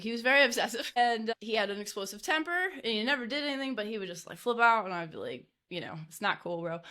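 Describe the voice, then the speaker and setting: A woman's voice: fairly low pitch, fairly bright tone. A woman guest on a podcast telling a personal story in a casual way, full of fillers and nervous little laughs.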